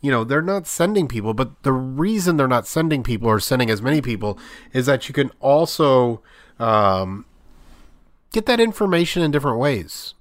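A man's voice: medium pitch, big pitch swings, normal speed, no echo. Guy doing a casual sports talk monologue, lots of ums and uhs, dry close sound. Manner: rambling, filler-heavy, conversational. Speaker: sports podcast host.

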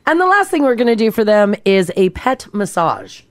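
A woman co-hosting a casual radio chat, telling stories with lots of laughter and reading out little facts. Her pitch moves freely across a wide range, and the studio sound is dry and close. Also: sing-song, moderate pace, no room sound. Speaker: radio show co-host.

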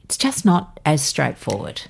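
A woman's voice: low voice, wildly swooping pitch, unhurried, vocal fry, slightly rough. A middle-aged woman co-hosting a casual advice podcast, practical and assertive with playful asides. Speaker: podcast co-host.

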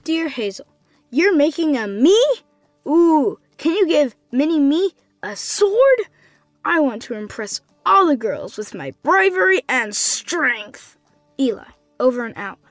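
A woman's voice: high voice, very animated, unhurried, dry recording, clean studio sound, soft background music, heavily acted. A woman playing a cheerful, lighthearted young boy writing letters in an audio drama. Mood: playful. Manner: bubbly, lighthearted, playful.

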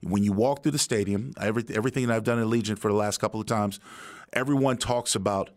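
Man, quick talker, sports show co-host, casual chat. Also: lowish voice. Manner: fast-talking, lots of agreeing interjections. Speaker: former player and co-host.

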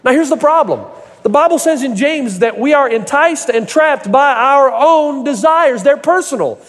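A man's voice: very high voice, expressive, normal speed. A middle-aged male pastor preaching a sermon, telling folksy stories with humor and building to emphatic points. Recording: echoey hall reverb.

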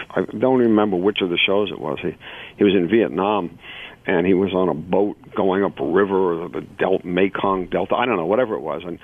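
Low-voiced man on a dry, tinny phone line, halting talk with restarts. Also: dry recording. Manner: halting, repeats words, then warm praise. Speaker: phone-in guest. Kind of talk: casual chat.

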